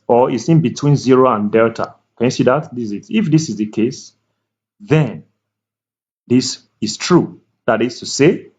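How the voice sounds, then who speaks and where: A man tutoring math at a board, speaking slowly and deliberately, repeating key words and checking that the viewer is following. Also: mid-range voice, a little mellow, husky. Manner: slow, deliberate, repeats key words, asks "can you see that?". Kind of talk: whiteboard math lecture. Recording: dull lo-fi recording.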